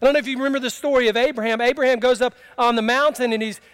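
High-voiced man preaching a sermon. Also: fairly even intonation, very fast, a bit bright, clear, resonant tone. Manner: conversational, humorous, asks the congregation questions. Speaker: pastor. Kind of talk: sermon with personal story.

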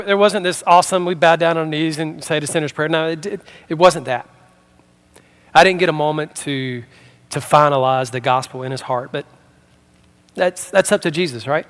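High-voiced man preaching casually. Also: fairly bright tone. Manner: casual storytelling, acts out dialogue. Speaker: pastor. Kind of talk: sermon with personal story.

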